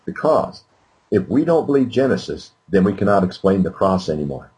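A man's voice: low-pitched, sing-song, moderate pace, a little mellow, low-quality recording. An older man, a guest speaker, answering interview questions in an earnest, emphatic way. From United States.

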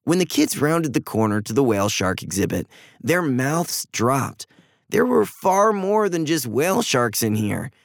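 A man narrating a children's storybook with an expressive, varied delivery. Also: on the high side, gravelly, dry recording, studio quality.

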